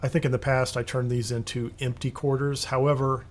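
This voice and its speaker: Relaxed man talking through a game. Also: medium pitch, brisk. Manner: relaxed, rambling, with frequent restarts. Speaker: video game guide host. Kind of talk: casual gameplay commentary.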